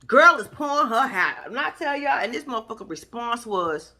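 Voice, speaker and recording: Woman, reaction vlogger, high-pitched, very animated, blunt, profane, exasperated. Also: moderate pace. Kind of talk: casual reaction commentary.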